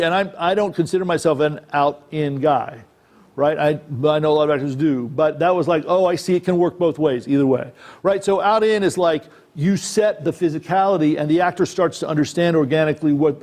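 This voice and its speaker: An acting coach gives a workshop talk on acting in a presentation room, keeping things conversational and checking in with his audience. His voice is slightly high and a bit mellow.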